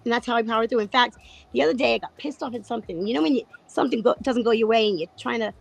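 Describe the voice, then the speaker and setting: A middle-aged woman with a hoarse voice, candidly chatting about trading on a panel, laughing and swearing casually. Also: on the high side, very fast, poor audio. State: lost her voice, tired.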